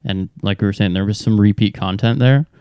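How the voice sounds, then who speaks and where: A man in casual chat with friends, relaxed and laughing often. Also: on the low side, a little fast, clean tone, no room sound, clean studio sound.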